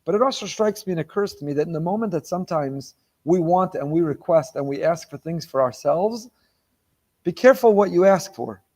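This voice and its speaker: A man's voice: fairly high pitch, brisk. A rabbi giving a sermon on the weekly Torah portion. He asks rhetorical questions, stacks phrases for emphasis, and mixes Hebrew terms into his English. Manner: animated, repeats phrases for emphasis.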